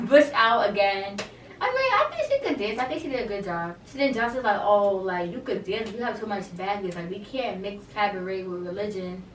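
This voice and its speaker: A woman's voice: mid-range voice, a bit bright, roomy sound, distant mic, a little hiss or hum. A woman giving a casual, gossipy recap of a reality show, full of slang and blunt asides.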